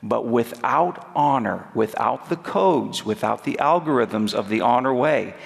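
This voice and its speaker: A man preaching a sermon as a guest speaker, emphatic and rhythmic, dropping low and quiet on repeated phrases. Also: expressive, unhurried, creaky, few pauses. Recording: long hall reverb.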